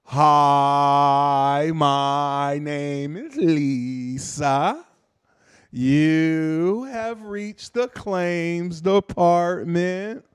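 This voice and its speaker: A man doing a very slow-talking claims agent. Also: low voice, smooth, dry recording, clean studio sound. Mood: flat. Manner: very slow, halting drawl.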